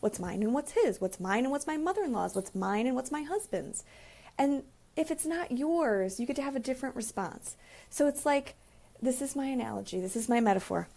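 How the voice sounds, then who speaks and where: A woman therapist and relationship coach talking casually about boundaries, acting out quoted conversations with lively emphasis. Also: high voice, fairly quick, gravelly. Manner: animated, acts out quoted dialogue. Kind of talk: casual advice monologue.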